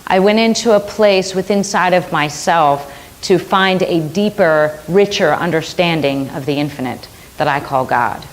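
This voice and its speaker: A woman's voice: fairly low pitch, normal speed. Middle-aged woman, minister, sermon, earnest personal storytelling, emphatic repeats.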